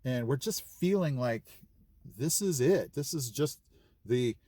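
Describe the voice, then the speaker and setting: A California schoolteacher who also vlogs talks casually to the camera, addressing his channel earnestly and with gratitude, full of fillers. His mid-range voice is mellow and expressive, his pace slow, and there's no room sound at all.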